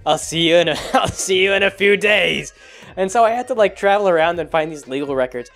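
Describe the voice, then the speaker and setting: A man hosting his own show, recapping a video game in a rambling, exasperated way with lots of filler words. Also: high-pitched. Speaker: blog host. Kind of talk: casual gaming recap monologue.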